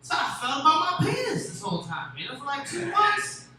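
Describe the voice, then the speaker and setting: Bright-voiced man rambling in echoey room. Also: extremely high pitch, wildly swooping pitch, fairly quick. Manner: crude, rambling, laughs often, swings from mumbling to shouting. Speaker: podcast host telling a story. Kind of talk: casual storytelling chat. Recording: echoey room, distant mic, faint noise.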